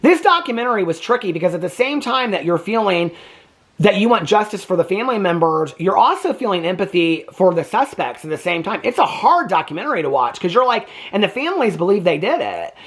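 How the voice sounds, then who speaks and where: A man's voice: sits high, a little fast. A man hosting a casual reaction commentary on a true crime documentary, talking in an indignant, emphatic way. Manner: animated, indignant.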